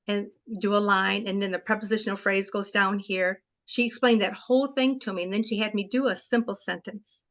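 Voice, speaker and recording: A woman's voice: mid-range voice, fairly bright tone. A woman hosting an online group talk over a video call, telling a personal story in a heartfelt, emotional way. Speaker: webinar host.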